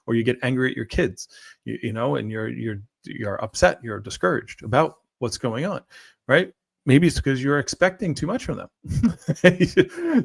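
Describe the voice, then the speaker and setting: Male morning-show host, mid-pitched and gravelly, loose rambling delivery full of "like" and "right?", dry recording. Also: no echo. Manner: rambling, repeats words, frequent "right?" and "like". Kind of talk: casual solo monologue.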